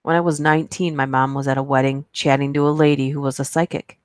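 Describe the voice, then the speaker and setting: With a very deep voice and flat, fast delivery, an American live stream host reads creepy stories aloud, adding asides and laughing at herself. The studio-quality recording is dry.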